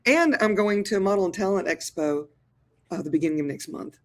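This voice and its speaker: A woman in her sixties, an actor and therapist, talking as a guest in an interview in an animated, colloquial way, calling listeners "y'all". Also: medium pitch, brisk. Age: 60s. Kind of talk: lively interview conversation.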